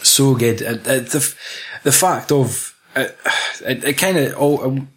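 A young Scottish man talking casually about a film, his voice sitting at an ordinary middle pitch. He laughs often and acts out bits of dialogue from scenes as he goes. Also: a little slow.

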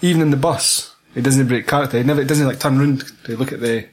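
Husky Scottish man, casual and profane, rambles through film talk. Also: mid-range voice, fairly even intonation, quick pace. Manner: sweary, rambling, laughs often.

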